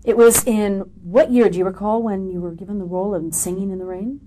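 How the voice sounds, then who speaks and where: A woman's voice: medium pitch, fairly even intonation, brisk, dark tone, a little hiss or hum. Lady interviewer, short plain questions, matter-of-fact. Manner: brief, matter-of-fact prompts.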